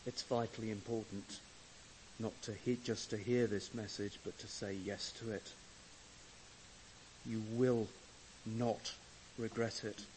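A man preaching a sermon with measured, deliberate pauses, who swells to emphatic loudness when he reads scripture. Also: fairly low pitch, flat delivery, slight background noise, rough recording. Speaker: pastor.

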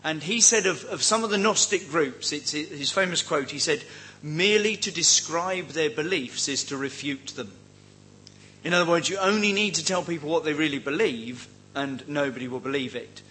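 A man's voice: a little high, normal speed, sharp tone, a little hiss or hum, poor audio. A man giving an informal teaching talk on cults, chatty and wry, with many ums and joking asides. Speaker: seminar speaker on cults.

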